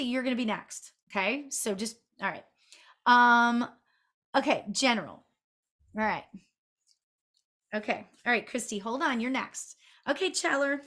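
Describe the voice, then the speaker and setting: A woman's voice: on the high side, a bit bright. Chatty, sing-songy woman medium. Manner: chatty, laughing, sing-songy, many fillers. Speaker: spiritual medium. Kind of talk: live online reading, casual chat.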